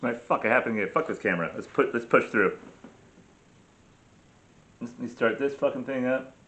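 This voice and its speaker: A middle-aged American man recounts a travel story in a casual vlog, speaking at normal speed in a medium, slightly bright voice. He rants and swears, frequently interrupting himself mid-thought.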